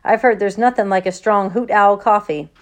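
A woman reading as a gruff teasing old grandpa. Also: medium pitch, fairly even intonation, normal speed, close to an everyday voice. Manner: gruff, dismissive of superstition.

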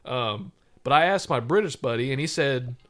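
A man's voice: mid-range voice, animated, moderate pace, a bit bright. A man from the United States hosting a casual podcast chat, rambling and joking with frequent laughs. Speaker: podcast host.

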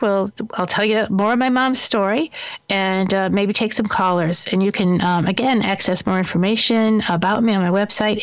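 A woman's voice: mid-range voice, no room sound. A middle-aged woman hosting a talk radio show, telling a personal story in a chatty, meandering way with fillers and restarts.

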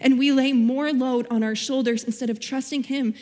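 A woman's voice: high-pitched, steady tone, moderate pace, a little mellow, big-room sound. A young woman giving a sermon as a guest speaker, telling her own story earnestly and quoting scripture. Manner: earnest, personal storytelling with Bible quotes.

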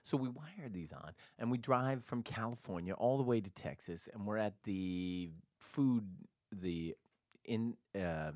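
A podcast co-host with a lowish, slightly slow voice tells stories during casual chat, acting out voices and laughing often as an animated storyteller. The sound is clean studio audio with no echo.

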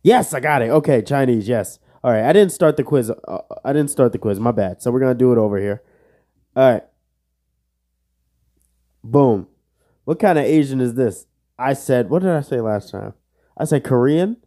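A man's voice: medium pitch, lively intonation, moderate pace, mellow. A young man hosting a casual solo podcast, joking and self-mocking, swearing under his breath while he plays a quiz. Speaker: podcast host.

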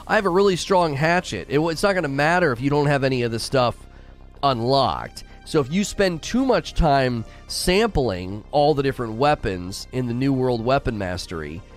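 Male stream host, lively pitch, rambling chat, faint background music. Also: normal speed. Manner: animated, rambling, repeats himself. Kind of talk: casual live-stream chat.

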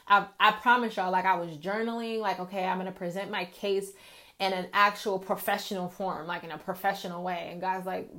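A woman's voice: mid-range voice, fairly even intonation, fairly quick, pushed and bright. Candid woman sharing faith story. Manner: candid, reflective, speaks in run-on stories with many "like" and "right?". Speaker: faith vlogger. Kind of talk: casual testimony to viewers.

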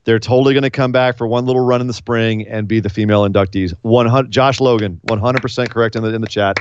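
A man's voice: medium pitch, steady tone, fast talker, noisy background. A man co-hosting a podcast, chatting casually and recapping events in a rambling, playful way. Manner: rambling, playful, fond of doing impressions. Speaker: podcast co-host. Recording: slightly dull lo-fi sound.

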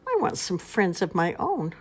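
A woman reading a storybook aloud, voicing an eager young male bunny who keeps calling out for friends in a high, bouncy voice. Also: very animated, moderate pace, a little hiss or hum. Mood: pleading. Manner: high pleading calls, bouncy and hopeful.

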